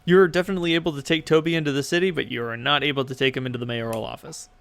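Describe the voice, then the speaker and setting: A man's voice: medium pitch, fairly even intonation, rapid-fire, gravelly, fairly bright tone. A man narrating as game master in a casual, joking manner, often stumbling over his words.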